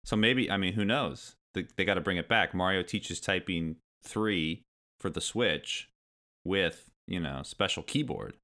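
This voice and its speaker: A man with a very deep voice co-hosting a casual podcast. He makes quick jokes and laughs often at his co-host's stories. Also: bright, forceful tone. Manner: joking, quick to laugh, wisecracking asides. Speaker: podcast co-host. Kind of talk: casual chat.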